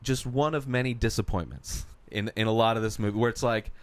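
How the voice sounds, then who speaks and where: A man's voice: on the low side, brisk. A man co-hosting a podcast, ranting and swearing casually as he reviews a movie. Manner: ranting, profane, animated. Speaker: podcast co-host.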